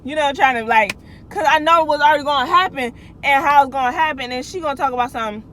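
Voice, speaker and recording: A woman's voice: high voice, fast, fairly bright tone, slight background noise, rough recording. A young adult woman vlogger telling a casual storytime in a chatty, slangy way, with restarts and asides to her viewers.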